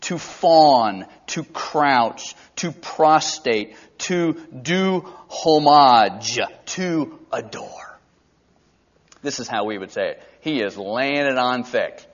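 A man's voice: mid-range voice, animated, slow pace, hardly any pauses, highs cut off. A man preaching an expository Bible teaching in a conversational way, briefly acting out the characters' lines.

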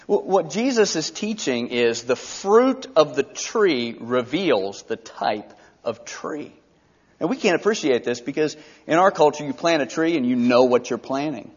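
A man's voice: a little high, animated, measured pace, slightly rough. Conversational preacher man, lo-fi sound. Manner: conversational, acts out characters' lines in asides. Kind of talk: expository Bible teaching.

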